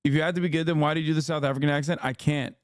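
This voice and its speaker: A man hosting a livestream, reacting to clips with blunt, profane, rapid-fire ranting. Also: a little high, steady tone, dry recording, studio quality. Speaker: livestream host. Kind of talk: streamer commentary.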